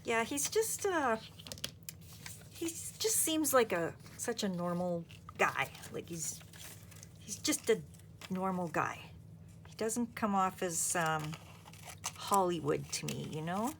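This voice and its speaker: A woman's voice: fairly low pitch, big pitch swings, slow pace, gravelly, long pauses, slight background noise. A woman hosting a craft video, chatting in a rambling way and thinking aloud as she works. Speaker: craft channel host. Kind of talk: casual chat while crafting.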